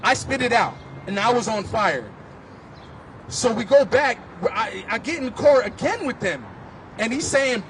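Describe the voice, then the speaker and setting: A man giving impassioned personal testimony at an outdoor street rally, telling his story intensely and rising at times to shouts. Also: very high-pitched, animated, normal speed, slight background noise.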